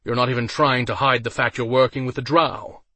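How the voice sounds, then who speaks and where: Narrator plays a proud, hostile mage; low growl, scorn in every line. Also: male voice, fairly even intonation, fairly quick, bright, forceful tone, no room sound. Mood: contemptuous. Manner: growling, contemptuous. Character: hostile male guildmaster mage, bitter and proud.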